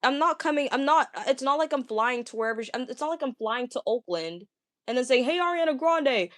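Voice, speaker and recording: A young woman talking casually, ranting to viewers, stammering and repeating words, with a fairly deep voice for a woman. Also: expressive, quick pace, no echo, studio quality. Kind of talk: casual rant.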